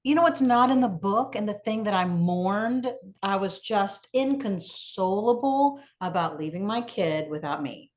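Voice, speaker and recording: A woman's voice: medium pitch, expressive, a little slow, few pauses. Candid woman guest, reflective. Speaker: guest author. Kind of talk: casual chat.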